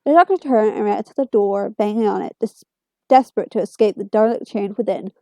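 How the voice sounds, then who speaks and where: A woman reading fan fiction aloud in a steady storytelling voice. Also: mid-range voice, brisk, dry recording.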